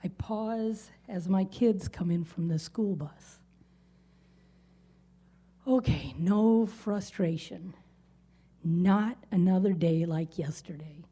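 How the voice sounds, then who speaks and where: A woman performs a dramatic monologue as an anxious inner voice talking herself into calm. Her voice is very dark and mellow with a husky edge, and she speaks slowly. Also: mid-range voice. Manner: anxious self-coaching inner voice.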